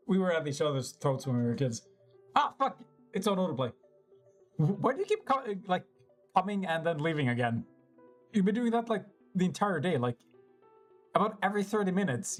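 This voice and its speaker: Lively, teasing young-adult game streamer. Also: mid-range voice, faint music behind. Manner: laughs often and swears casually; chatty, teasing and quick to react. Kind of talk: live gameplay chat, answering viewers.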